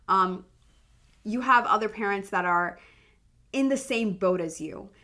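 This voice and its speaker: A woman's voice: mid-range voice, a bit bright. A woman in her thirties hosting a podcast, talking in an earnest, chatty way with frequent ums and restarts. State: emotional, voice softening. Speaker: podcast host. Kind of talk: casual heartfelt podcast talk.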